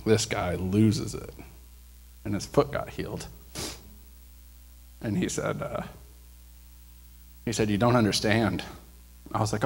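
Low-voiced man preaching in a reverberant hall. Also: takes it slowly, gravelly, long pauses, husky. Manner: excited storytelling, acts out dialogue. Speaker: guest speaker sharing a testimony. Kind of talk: sermon testimony. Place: church sanctuary. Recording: long church hall reverb.

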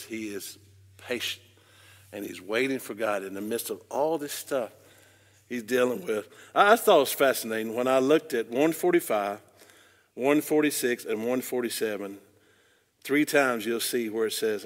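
A man, a pastor leading a Bible study. He talks conversationally and often rises into loud, emphatic preaching. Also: lowish voice, moderate pace. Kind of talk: informal Bible study teaching. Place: church room. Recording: long church reverb.

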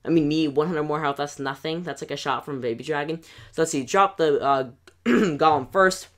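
A gaming channel host giving excitable play-by-play commentary over battle replays, voice going hoarse, recorded as a voice-over at a computer. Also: mid-range voice, normal speed. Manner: excitable play-by-play, rising to yelps at big moments.

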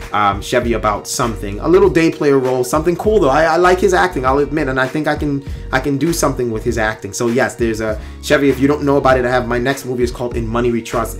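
A filmmaker chatting casually on a livestream, rambling and joking and reading viewer comments aloud, with many pauses and fillers. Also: male voice, mid-range voice. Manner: rambling, joking, teasing, lots of ums.

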